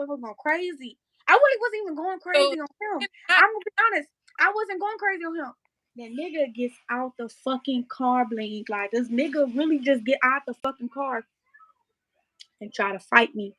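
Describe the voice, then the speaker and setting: A woman's voice: high voice, normal speed, sharp tone, no echo, poor audio. A young woman tells an emotional, profane story in her own vlog, blunt and raw. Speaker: vlogger.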